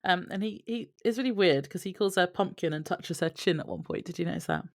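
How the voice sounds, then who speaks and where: A lower-voiced woman co-host recaps scenes in a steady, matter-of-fact way. The sound is close and dry, with no room echo. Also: fast talker. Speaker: podcast co-host. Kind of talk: casual recap chat.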